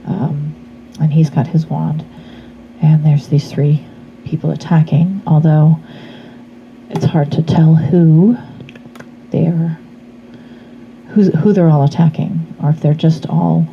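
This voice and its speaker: A slightly hoarse woman does a casual tarot reading. Her voice sits low and she talks slowly, drifting chattily from thought to thought. The recording is a little muffled, with faint noise underneath. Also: level tone. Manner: meandering, chatty, trails off with fillers. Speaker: tarot reader.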